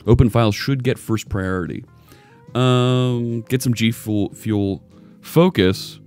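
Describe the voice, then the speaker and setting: A man's voice: mid-range voice, slow pace, a little mellow, soft background music. A man hosting a casual live coding stream, chatting loosely and joking with viewers as he works. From United States. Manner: rambling, chatty, jokey.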